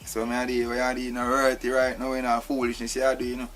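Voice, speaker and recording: A man's voice: medium pitch, completely flat delivery, fast, a bit bright, lightly acted. An actor with a Jamaican accent playing a tied-up man who pleads and argues with his captor, filling his talk with "you know". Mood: pleading, agitated. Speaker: actor in a film. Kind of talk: film dialogue.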